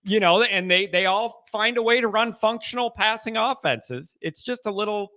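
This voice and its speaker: A man's voice: high-pitched, moderate pace. A man hosting a casual call-in show, talking football with callers in an emphatic, folksy way. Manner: animated, emphatic, folksy talk. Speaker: show host. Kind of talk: call-in sports chat.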